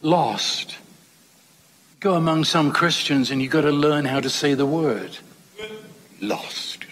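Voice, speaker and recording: A man's voice: fairly high pitch, fairly even intonation, normal speed, a bit bright. A man preaching a sermon in a conversational, emphatic way, with rhetorical questions to the congregation. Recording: long hall reverb.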